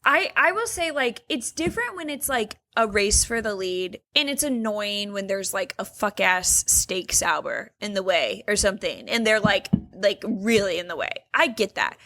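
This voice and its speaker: A woman co-hosting a podcast in casual chat, animated and swearing freely as she talks. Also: medium pitch, moderate pace, hardly any pauses, no echo. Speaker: podcast co-host.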